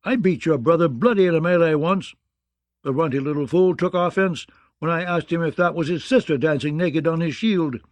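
A man voicing a gruff, bawdy, blustering male knight in an audiobook, with a mocking, growling manner. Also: a little high, normal speed, no room sound, pitched above the performer's own voice, close to an everyday voice. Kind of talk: audiobook character voice.

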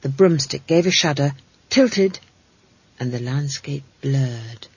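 A woman narrating a comic fantasy audiobook with wry, expressive storytelling and playful asides. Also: rumbling low, slow pace, breathy edge, dry recording, dull audio.

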